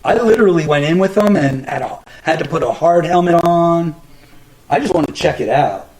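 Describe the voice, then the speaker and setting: A middle-aged man from New Jersey hosts a podcast, rambling through casual stories with lots of cursing, fillers, and restarted sentences. His voice sits fairly high with lively intonation at a normal pace. The recording is rough, with crowd noise behind him.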